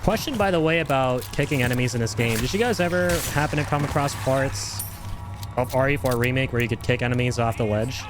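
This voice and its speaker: A man's voice: medium pitch, fast talker, over music. A man streaming a game, chatting casually with jokes and mock-serious asides, rambling and restarting his sentences. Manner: joking, ironic, rambling with restarts. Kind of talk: casual gameplay commentary.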